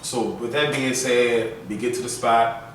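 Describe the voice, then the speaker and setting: A man hosting a casual storytelling vlog, chatting in an animated and loose way full of fillers. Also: medium pitch, measured pace, slight background noise. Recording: very echoey room, mic at a distance.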